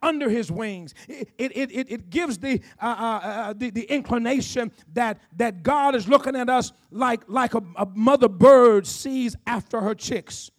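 High-voiced preaching man. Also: a little slow, few pauses. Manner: preaching with rising shouts and call-outs to the congregation. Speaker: pastor. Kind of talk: sermon.

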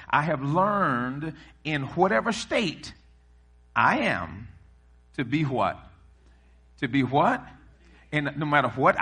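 A middle-aged man preaching a sermon to a congregation, leading call-and-response and rising to shouts. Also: mid-range voice, slightly rough. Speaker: pastor. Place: church hall before a congregation.

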